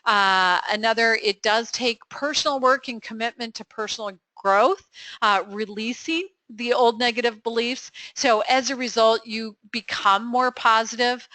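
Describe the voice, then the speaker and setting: A middle-aged woman hosting a live coaching webinar Q&A, upbeat and encouraging with quick affirmations and frequent fillers. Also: mid-range voice, bright, forceful tone, dry recording.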